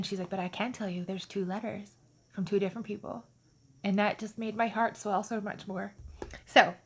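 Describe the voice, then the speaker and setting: A woman telling a personal story in a chatty, animated way, full of fillers and acted-out dialogue. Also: mid-range voice. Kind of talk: casual storytelling to camera.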